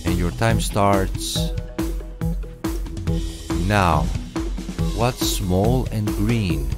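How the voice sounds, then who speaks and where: A man's voice: fairly low pitch, drawn-out words. A man voicing a pompous knight of a secret order in a video game, grandiose and theatrical, slipping into game-show host patter. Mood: showman. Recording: game audio over loud music.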